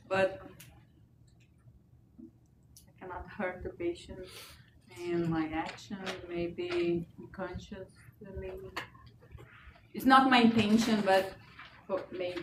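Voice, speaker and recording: A woman's voice: on the low side, fairly even intonation, slow pace, long pauses. A woman student in a nursing class giving a hesitant, unsure answer. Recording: echoey classroom, faint noise.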